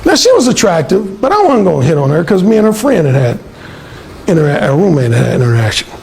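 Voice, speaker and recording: Brief: high-pitched man with a gravelly edge, blunt storyteller. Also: slight background noise. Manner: blunt, profane, animated. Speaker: dating coach and author. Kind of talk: casual storytelling monologue.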